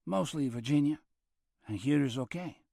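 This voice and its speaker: A male narrator voicing a laid-back man with a Mexican accent who speaks in an unhurried, matter-of-fact way. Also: on the high side, gravelly, warm tone, no echo, clean studio sound. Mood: easygoing.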